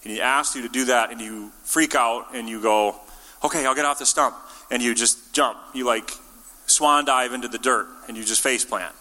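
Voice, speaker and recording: A man preaching a sermon in a relaxed, joking way, acting out the characters he quotes. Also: medium pitch, moderate pace, big-room sound. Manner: casual and jokey, acts out quotes. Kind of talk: conversational sermon. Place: church.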